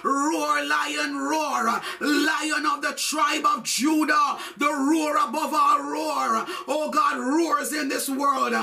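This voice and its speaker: A woman preaching and praying fervently, shouting repeated declarations and slipping into sung, chanting phrases. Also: high-pitched, steady tone, takes it slowly, vocal fry, few pauses. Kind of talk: fervent sermon and prayer. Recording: voice picked up from a distance.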